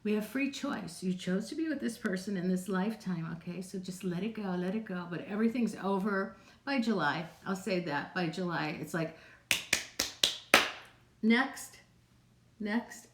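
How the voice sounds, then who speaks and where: A woman psychic on a live stream answers viewers' questions casually and in a rambling way, laughing often. Her voice is medium-pitched and unhurried, with slight background noise, and the room sounds roomy and echoey.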